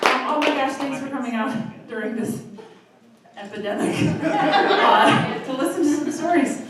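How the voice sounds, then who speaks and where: A woman in her thirties from Michigan hosting a live storytelling night, telling a personal story in a chatty, self-deprecating way with quick asides. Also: high-pitched, lively intonation, far from the mic. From Michigan, USA. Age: 30s. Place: live storytelling venue with audience. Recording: echoey room from afar, faint noise.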